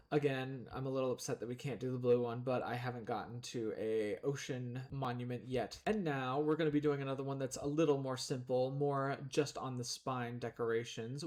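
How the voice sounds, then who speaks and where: A man's voice: mid-range voice, a little mellow. A young man casually commenting on his building game, chatty and rambling, sometimes talking between bites of food. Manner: chatty, rambling, talks while eating. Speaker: gaming streamer.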